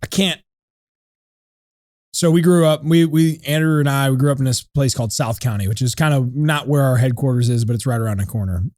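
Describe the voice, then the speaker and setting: A man's voice: medium pitch, brisk, a little mellow, no echo, studio quality. A man telling a heated, profane story on a podcast. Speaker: podcast co-host. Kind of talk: animated storytelling.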